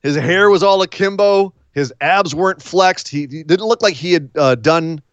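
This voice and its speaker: A man hosting a casual podcast chat, animated and sarcastic. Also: sits high, normal speed, no echo. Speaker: podcast host. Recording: slightly dull lo-fi sound.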